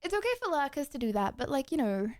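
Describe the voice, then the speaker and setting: A woman's voice: sits high, big pitch swings, quick pace, background noise. A young woman streaming live, chatting casually with her viewers in a bubbly, giggly way. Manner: bubbly, giggly, cheering chat on.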